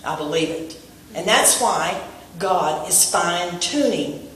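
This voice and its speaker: A woman preaching a sermon to her congregation, animated and asking them questions. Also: lowish voice, takes it slowly, slight background noise. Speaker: pastor. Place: church sanctuary. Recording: echoey room, voice from a distance.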